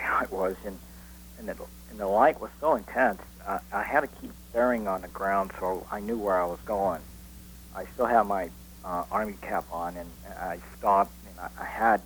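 A man who witnessed an event, recalling it haltingly with many restarts as a guest on a radio interview. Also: sits low, slight background noise, low-quality recording. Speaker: eyewitness guest.

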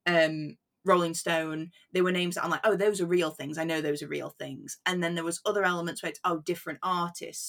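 Gravelly young woman chatting about books. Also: fairly low pitch, a bit bright. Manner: chatty, quick, self-deprecating. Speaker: podcast guest. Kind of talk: casual book chat.

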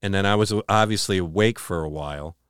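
A man co-hosting a podcast, retelling a story earnestly with halting restarts and a hushed, slowed delivery on dramatic moments. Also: smooth, dry recording, clean studio sound. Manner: slows and drops to a low hush on dramatic moments. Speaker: podcast co-host. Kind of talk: casual storytelling chat.

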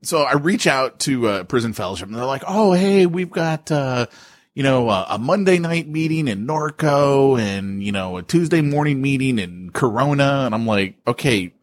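A man co-hosting a podcast, chatting casually with teasing, deadpan boasts and many fillers. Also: medium pitch, moderate pace, dry recording, clean studio sound. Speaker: podcast co-host. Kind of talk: casual chat.

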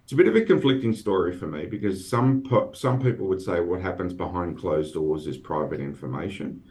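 A man's voice: low-pitched, a little fast, darkish tone. A man hosting a podcast in casual chat, wry and self-deprecating. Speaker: podcast host.

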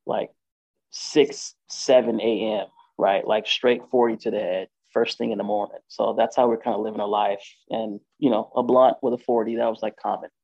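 Male storyteller, gravelly and rough at the edges, casual and rambling, dull lo-fi recording. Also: on the low side, steady tone, normal speed, a little mellow. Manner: loose and conversational, with frequent fillers and "right?" checks.

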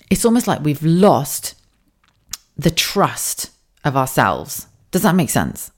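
Low-voiced, sweary woman. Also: a little mellow. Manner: frank and sweary, with frequent laughs and asides; rambling, self-correcting delivery. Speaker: podcast host. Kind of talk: candid solo podcast monologue.

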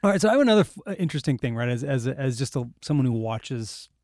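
A man's voice: medium pitch, sing-song, quick pace, a little mellow, dry recording, clean studio sound. Agreeable questioning male host. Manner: agreeable, asks questions, frequent yeahs. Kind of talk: casual podcast chat.

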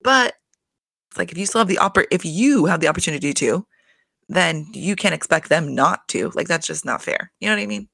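Gravelly, chatty recap host. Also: mid-range voice, expressive, a little fast, sharp tone, no room sound. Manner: chatty, profane, frequent filler "like"; addresses listeners directly. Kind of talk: casual solo recap chat.

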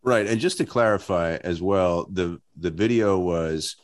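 A man's voice: low-pitched, unhurried. A man co-hosting a casual podcast chat, laughing often and chiming in with details. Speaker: podcast co-host.

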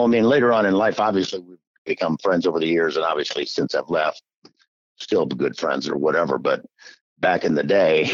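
A middle-aged man from Iowa telling his story as an interview guest in a folksy, animated way. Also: sits low, husky, dry recording, dull audio. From Iowa, USA. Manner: animated, folksy, acts out quoted voices. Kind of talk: casual storytelling.

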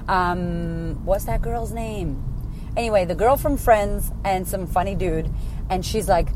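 A woman's voice: medium pitch, unhurried, background noise. A woman in her thirties hosting a casual solo podcast as a coach, blunt and emphatic, swearing freely.

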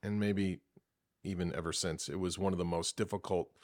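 A man, an actor guest on a podcast, chatting casually and telling animated stories. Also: deep voice, brisk. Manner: animated storyteller, acts out quoted voices.

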